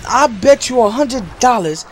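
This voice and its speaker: Rambling profane teenage boy, high voice. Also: lively intonation, unhurried, noisy background. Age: teens. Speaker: gamer telling a story. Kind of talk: casual storytelling over gameplay. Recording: game gunfire loud behind voice. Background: video game gunfire.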